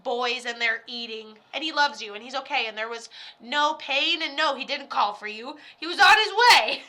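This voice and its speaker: A woman with a high, bright, sharp voice gives a live psychic reading. She rambles and chats in loose, slangy sentences and breaks into laughter often. Her delivery is informal and animated. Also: normal speed. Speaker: psychic medium.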